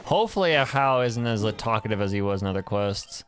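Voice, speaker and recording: A man's voice: fairly low pitch, expressive, fairly quick, a bit bright, faint music behind. A man casually commenting on a game as he plays, joking and swearing. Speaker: streamer. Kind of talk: gameplay commentary.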